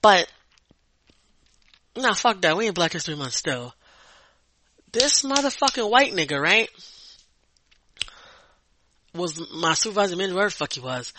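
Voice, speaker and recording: A man's voice: high voice, sharp tone, dry recording, low-quality recording. A young adult man hosting a podcast, telling a story in a blunt, profane way and often repeating words as he vents. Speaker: podcast host. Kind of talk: casual storytelling monologue.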